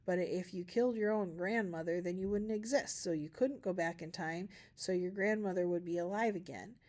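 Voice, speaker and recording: A woman reading a novel aloud for a school class, narrating calmly with small shifts of voice for the characters. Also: fairly low pitch, moderate pace. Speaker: reader.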